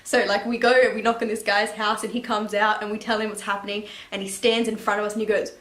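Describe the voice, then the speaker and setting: A woman's voice: mid-range voice, fast talker. Chatty teenage girl in an echoey room. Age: late teens. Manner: chatty, animated, laughing and swearing casually. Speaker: vlogger. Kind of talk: story time chat.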